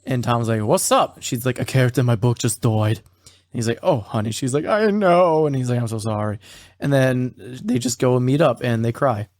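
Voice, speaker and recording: A man co-hosting a podcast, casually recapping a story and quoting its characters in a flat, offhand way, swearing now and then. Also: medium pitch, a little fast, dry recording. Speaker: podcast co-host.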